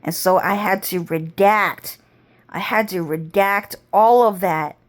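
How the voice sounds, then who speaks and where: A woman talking in a slow, unhurried monologue that wanders from thought to thought. Her speech is laced with swearing and long drawn-out phrases. Her pitch sits in a middle range. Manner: rambling, heavy profanity, drawn-out. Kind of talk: rambling casual monologue.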